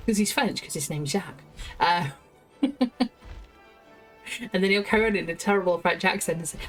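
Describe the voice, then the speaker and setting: Brief: woman, game streamer, lowish voice, chatty and giggly, faint music behind. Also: normal speed, pauses often, breathy edge. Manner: chatty, giggly, talks to herself. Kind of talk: casual gameplay commentary, reading quest text aloud.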